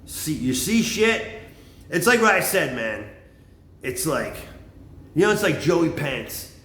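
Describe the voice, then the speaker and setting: A middle-aged man rambling in a profane, excitable vlog monologue, jumping from topic to topic. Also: on the high side, slow pace, echoey room. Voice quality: extroverted and excitable. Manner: animated, swearing, jumps between topics. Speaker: vlogger.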